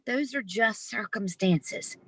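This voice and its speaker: A woman being interviewed over a video call, telling a personal story in a lively, expressive way. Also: mid-range voice, takes it slowly, breathy edge, no room sound. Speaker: interview guest. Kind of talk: storytelling in conversation.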